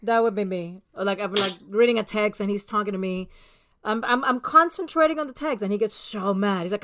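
A woman hosting a podcast, chatting casually and telling stories with lively quoted exchanges. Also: mid-range voice, brisk. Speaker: podcast host. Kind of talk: casual chat.

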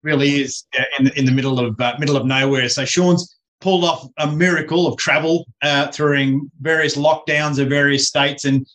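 A man's voice: on the high side, flat delivery, moderate pace, a bit bright, low-quality recording. An Australian man hosting a podcast in an upbeat, chatty way, with fillers. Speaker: podcast host. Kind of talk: casual interview chat.

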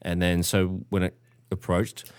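A young Australian man with a low, monotone, smooth voice tells crude party stories at a measured pace in a casual chat, with no echo. His storytelling is laid-back and full of slang, and he acts out the voices of people he quotes.

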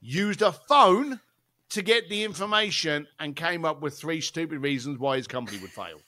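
An interview-show guest whose voice is on the high side speaks at a moderate pace, telling a salty, animated podcast story. It's lively, with frequent asides and laughter.

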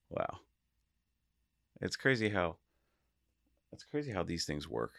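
A man hosting his own podcast, talking casually and excitedly to his listeners and often laughing. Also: sits low, slow pace, gravelly, dry recording, clean studio sound. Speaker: podcast host. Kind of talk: casual solo podcast monologue.

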